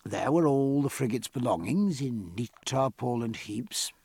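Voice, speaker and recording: A man narrating a historical sea novel in a measured, expressive audiobook reading. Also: mid-range voice, vocal fry, breathy edge, no room sound, studio quality.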